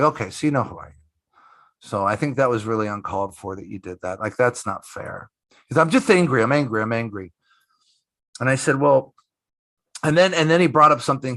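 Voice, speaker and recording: A man's voice: fairly low pitch, fairly bright tone, no echo. A middle-aged man from the United States, a magician guest, telling a story emphatically, swearing, and repeating himself as he talks. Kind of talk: casual interview storytelling.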